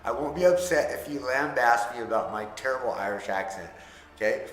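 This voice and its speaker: A man chatting casually to camera as a vlogger, relaxed and self-deprecating. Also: mid-range voice, a little fast, a little hiss or hum. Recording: echoey room with long reverb.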